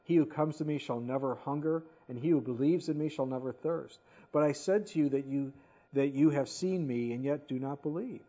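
A man's voice: fairly high pitch, mellow, slightly rough, lo-fi sound. A man preaching a sermon as a pastor, reading scripture aloud and then explaining it in casual, conversational asides.

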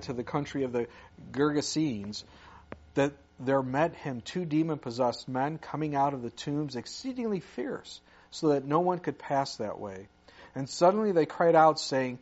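Male pastor, fairly high voice, casual preaching style, muffled low-fi recording. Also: animated, normal speed, a little mellow. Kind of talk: sermon.

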